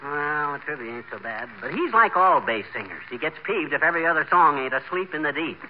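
A man playing a boastful small-town blowhard, full of brash folksy wisecracks, in a slightly high voice. It comes from a 1940s radio comedy, on a dull, old recording with clear hiss. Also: animated, a little fast, close to an everyday voice.

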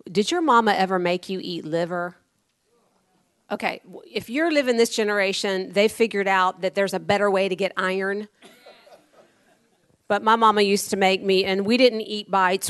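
A woman's voice: medium pitch, moderate pace, no echo. A woman from Tampa, Florida, preaching a sermon, a pastor telling rambling personal stories with firm, blunt dry humor. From Tampa, Florida, USA.

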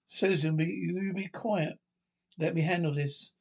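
An actor playing a stern, blustering middle-aged father and uncle, loud and indignant as head of the household in a sitcom. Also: high voice, fairly even intonation, measured pace, vocal fry, full character voice. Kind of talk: sitcom acting.

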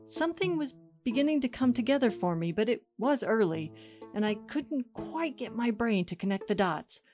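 A woman's voice: fairly high pitch, very animated, darkish tone, faint music behind. Woman giving a dramatic story reading. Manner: wry, measured storytelling. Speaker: story reader.

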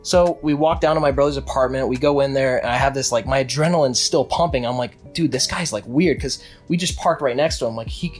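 A man's voice: mid-range voice, fairly quick, few pauses, faint music behind. A young man casually telling a long story with many restarts, acting out what people said. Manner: rambling with restarts, acts out quotes.

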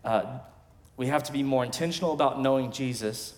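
A pastor in his thirties with a drawl preaches to his church. He moves from loud, punchy declarations to quiet, confiding asides, and his voice sits at an ordinary male pitch. The long reverb of a big sanctuary trails every phrase. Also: fast talker. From West Texas. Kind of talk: sermon.

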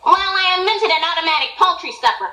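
A woman's voice: very high voice, expressive, fast talker, bright, forceful tone, exaggerated voice. An actress playing a nerdy, goofy teen girl with a nasal put-on geek voice in a sitcom clip. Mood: goofy, pestering. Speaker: sitcom character. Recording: roomy TV clip audio.

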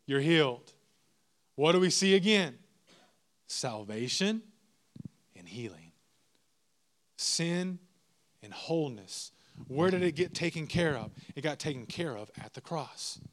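A man's voice: a little high, a bit bright. Man preaching an emphatic sermon. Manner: emphatic, repeats key phrases, asks the congregation questions. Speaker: pastor.

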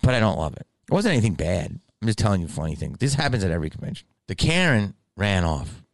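Podcast host, middle-aged man, very low gravelly voice, loose profane storyteller. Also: big pitch swings, fast, dry recording. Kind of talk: casual monologue.

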